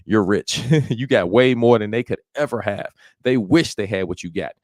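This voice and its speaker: A man preaching a casual bible study, explaining scripture in slangy everyday talk and reading verses aloud slowly. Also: fairly low pitch, darkish tone, no echo, studio quality.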